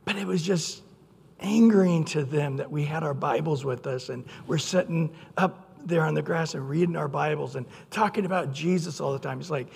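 A male pastor delivers a sermon in a high-pitched, gravelly voice with a husky edge. He reads scripture, then slips into personal stories with earnest conviction. The sound rings out with long hall reverb. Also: normal speed. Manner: earnest preaching, bursts into loud acted quotes.

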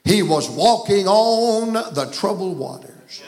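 A man's voice: sits high, animated, takes it slowly, a little mellow. A man with a Southern American accent preaching a folksy, emphatic sermon in a church. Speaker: guest preacher. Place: church sanctuary.

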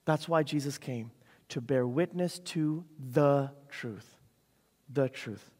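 A man's voice: medium pitch, takes it slowly, a little mellow. A man preaching a sermon as a pastor. He asks the congregation rhetorical questions, often adds "right?", and repeats key phrases for emphasis. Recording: long hall reverb.

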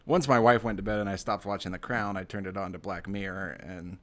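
A man's voice: low-pitched, fairly even intonation, fairly quick, a bit bright. A man co-hosting a podcast in casual chat, rambling and sarcastic, with lots of fillers and self-deprecating jokes. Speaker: podcast co-host.

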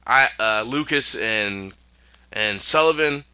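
Man, podcast co-host, punchy bright tone, acts out quotes, slightly dull sound. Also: fairly low pitch, slow pace, clear, resonant tone. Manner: animated retelling with acted-out quotes. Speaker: podcast co-host recapping a show. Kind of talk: casual chat.

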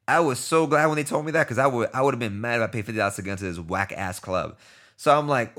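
A man from New York City hosting a podcast in his thirties, telling a story casually and acting out the dialogue in quick back-and-forth. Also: mid-range voice, animated, sharp tone. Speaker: podcast host.

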